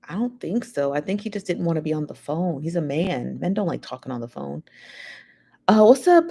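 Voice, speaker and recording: A woman's voice: mid-range voice, gravelly, dark tone. A woman hosting a live show, chatting casually and reading out viewer comments in a rambling, gossipy way, full of fillers.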